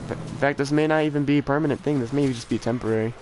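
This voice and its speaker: A teenage boy chats casually on a game stream through a desk mic, his mid-range voice racing over a noisy background. He rambles and puts himself down, often trailing off and starting over.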